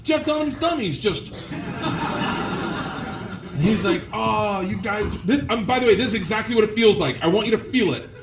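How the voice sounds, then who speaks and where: A man's voice: sits high, animated, normal speed, long pauses, roomy sound, far from the mic, background noise. A man doing stand-up storytelling, rowdy and swearing, acting out the people he quotes. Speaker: stand-up comedian.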